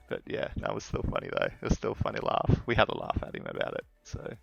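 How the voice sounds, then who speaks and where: A man's voice: on the low side, wildly swooping pitch, fast, vocal fry, hardly any pauses, fairly bright tone, no room sound, muffled recording. A man chatting casually while live coding, rambling with fillers and laughing often. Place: home office.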